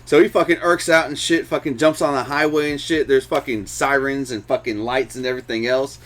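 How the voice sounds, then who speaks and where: A man's voice: mid-range voice, fairly quick, slight background noise. A man co-hosting a movie review show, telling a story in casual chat, swearing often and acting out sounds. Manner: profane storyteller, animated, mimics sounds. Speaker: co-host.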